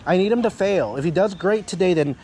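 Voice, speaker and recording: Outdoors near a lot of parked cars, a man working as a dog trainer walks an owner through a session, chatting a lot, cursing casually, and repeatedly asking "yeah?" or "okay?". His voice sits high and sounds animated, brisk, and slightly mellow. There's a little hiss or hum on what is a poor recording.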